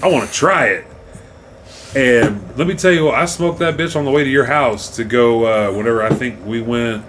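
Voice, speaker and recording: A man's voice: medium pitch, steady tone, a little fast, few pauses, a bit bright, slight background noise. A man, co-hosting a loose, swearing podcast chat and breaking into yelps and mock cheers. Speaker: podcast co-host. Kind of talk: casual stoned chat.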